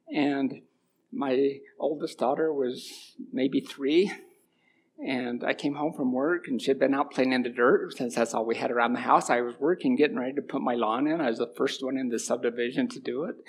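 Man, middle-aged, church talk, homely stories and scripture, raspy fry, faint background noise. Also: medium pitch. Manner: folksy storytelling mixed with scripture reading. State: runny nose. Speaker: church speaker. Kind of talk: informal sermon talk.

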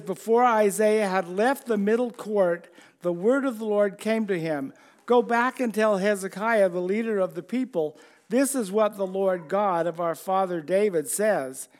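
A man preaching a conversational sermon, repeating phrases over and over for emphasis. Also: high-pitched.

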